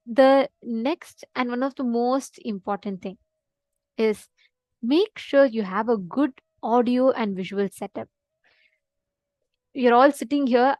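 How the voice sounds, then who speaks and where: Woman, class instructor, highish voice, dry close sound, reassuring storyteller who checks in often. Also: darkish tone, no echo. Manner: reassuring, checks in with "okay?" and "right?". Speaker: program instructor.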